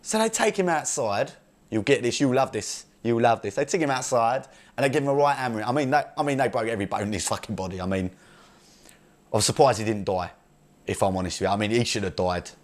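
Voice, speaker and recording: In an improvised comedy monologue, a man takes on the role of a crude, brash young Essex chav, boasting and rambling in an Essex accent with a mocking tone. His medium-pitched voice sounds natural, and he talks fast.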